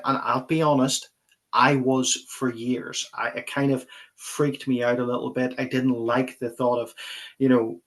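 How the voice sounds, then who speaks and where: A middle-aged man, a pastor earnestly and vividly recounting a personal experience as an interview guest. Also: medium pitch.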